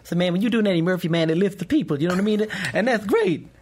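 A man impersonating an excitable male comedian who talks fast and keeps saying "man". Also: high voice, slight background noise, close to an everyday voice. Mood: hyped. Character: excitable male comedian-actor, hyped and upbeat.

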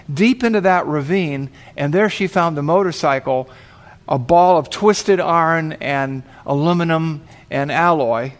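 A man preaching, telling a long story vividly and acting out the voices in it. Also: a little high. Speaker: pastor. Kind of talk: sermon storytelling.

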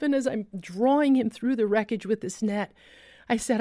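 A woman's voice: normal speed, gravelly, dark tone, no room sound. Dry-voiced woman preaching a testimony. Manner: intense, vivid storytelling, drops low for solemn moments. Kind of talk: dramatic testimony sermon.

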